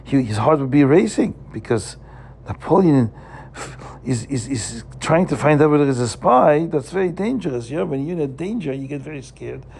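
A man tells a story to children in a lively, animated way. He stops often to ask his listeners questions and to repeat key words. His voice is mellow, with some gravelly fry and faint background noise. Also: fairly high pitch, moderate pace. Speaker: teacher telling a story to children. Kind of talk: storytelling lesson.

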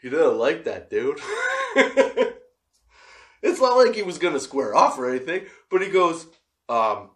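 A man's voice: fairly high pitch, big pitch swings, a little slow, long pauses, fairly bright tone. A man in his forties telling a comic personal story, laughing often and swearing between rambling asides.

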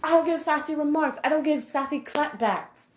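A woman's voice: sits high, moderate pace, slight background noise. Heated, chatty woman in an echoey room. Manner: animated, heated, heavy use of 'like'. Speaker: vlogger. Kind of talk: casual monologue rant.

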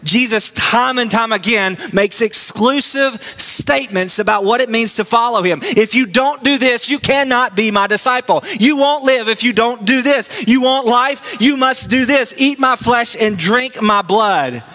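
A man preaching a sermon, reading scripture aloud slowly and pressing his points with emphatic repetition. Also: very high-pitched, sharp tone. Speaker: pastor.

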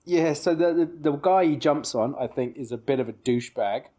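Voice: mid-range voice, normal speed, dark tone. Giggly book podcast co-host. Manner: laughs often, says "like" and "yeah" a lot. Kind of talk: casual book-discussion chat.

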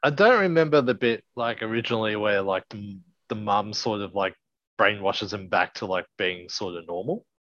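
A man's voice: fairly low pitch, normal speed, a bit bright, dry recording. A man in casual podcast chat, rambling and hesitant. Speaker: podcast co-host. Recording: dry dull lo-fi.

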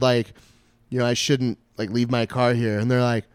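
A man, a stand-up comic, telling a story in casual chat, animated and full of swearing and "like" fillers. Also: medium pitch, quick pace, clean tone, dry recording, studio quality. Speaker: stand-up comedian.

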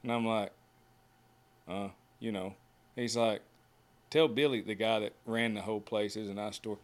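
An American horseshoer, appearing as a podcast guest, tells casual, folksy stories and acts out other people's lines. His voice is lowish, with fairly even intonation and a normal speed.

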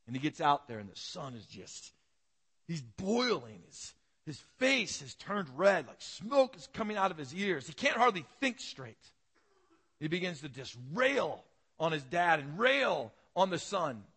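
A man's voice: fairly high pitch, a bit bright. A male pastor preaching a sermon and retelling a parable as a vivid, dramatic storyteller.

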